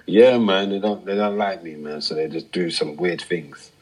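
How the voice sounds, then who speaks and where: A man with a very low, husky voice banters casually late at night. He sounds relaxed and teasing. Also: moderate pace. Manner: easygoing, teasing.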